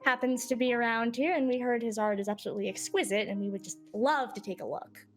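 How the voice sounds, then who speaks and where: Lady doing a nervous fake art collector, high voice, trips over her words. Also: fast, faint music behind, close to an everyday voice. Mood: flustered. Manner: hesitant, stumbling. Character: flustered young woman posing as an art collector.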